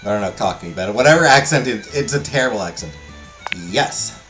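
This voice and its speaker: A woman with a low voice joking her way through a video game. She teases the characters in a casual tone. Game music plays clearly under her. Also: animated, brisk, fairly bright tone. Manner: joking, teasing. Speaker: gaming streamer. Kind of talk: casual let's-play commentary.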